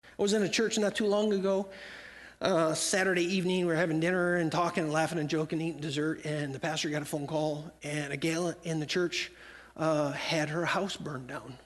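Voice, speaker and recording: A man speaking as a missionary addresses a church in a fairly high, fairly even-toned, brisk voice. He talks conversationally and acts out imagined dialogue, with long hall reverb around him.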